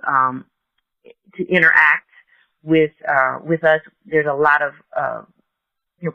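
A man's voice: on the high side, dry recording, muffled recording. A man hosting a podcast, talking casually with many hesitations and restarts. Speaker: podcast host.

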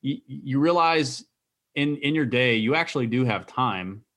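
A man co-hosting a podcast, telling stories in a rambling, energetic casual chat. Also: medium pitch, a little slow. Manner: rambling, energetic, animated storytelling. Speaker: podcast co-host.

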